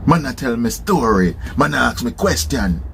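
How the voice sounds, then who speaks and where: A man from Jamaica with a Jamaican accent, telling a travel story in a casual, animated way, dropping rhetorical tags in patois. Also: mid-range voice, normal speed, gravelly, slight background noise.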